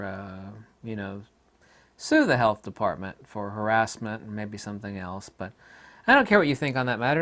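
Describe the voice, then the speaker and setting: A middle-aged American man in a casual, ranting monologue, with sudden loud outbursts. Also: fairly low pitch. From United States. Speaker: video commentator.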